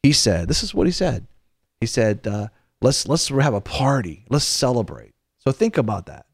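A man's voice: mid-range voice, big pitch swings, normal speed, creaky, no echo, clean studio sound. A man hosting a Christian show who preaches in a conversational way. He tells stories, quotes scripture, often repeats his phrases and leads his listeners in prayer.

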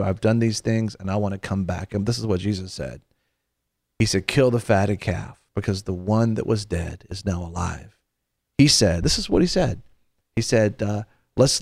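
A man's voice: lowish voice, creaky, darkish tone, no room sound, clean studio sound. A middle-aged man hosting a Christian show, preaching in an earnest, conversational way that often restarts its sentences. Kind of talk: preaching talk-show segment.

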